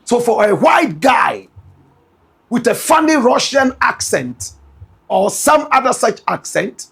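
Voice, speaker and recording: A Ghanaian-accented man delivers emphatic gossip news commentary in a fairly high voice. His voice is very husky and gravelly. He keeps calling out to his audience directly. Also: sing-song, slow pace, a bit bright. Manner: emphatic, repeatedly addresses listeners as "my brother, my sister".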